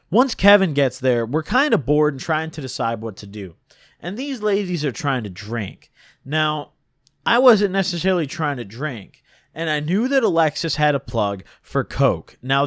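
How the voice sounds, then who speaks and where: A young man telling a casual, slangy storytime, animated and laughing often. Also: medium pitch, no echo, studio quality. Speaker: streamer and storyteller.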